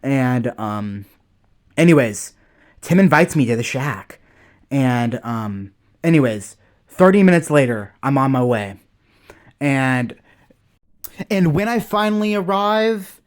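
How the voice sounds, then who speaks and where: A young man telling a story in a rambling, casual way, swearing a lot and tagging his lines with "okay?". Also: a little high.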